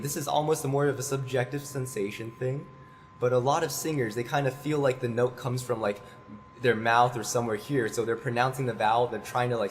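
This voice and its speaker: A man's voice: medium pitch, slight background noise. Patient male voice teacher. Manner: patient, explains and demonstrates sung notes. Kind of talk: online singing lesson.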